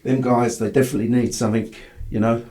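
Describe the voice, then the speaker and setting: A man, a guest who runs beach club venues, chatting in a relaxed way and giving short, easygoing replies. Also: medium pitch, fast. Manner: laid-back, short agreeing replies. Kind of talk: casual chat.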